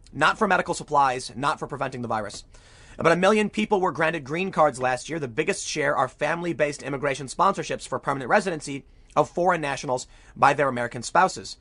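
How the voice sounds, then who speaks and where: A man's voice: fairly high pitch, fairly bright tone, no echo. A man giving opinionated political commentary as he reads news aloud, emphatic and prone to repeating words when fired up.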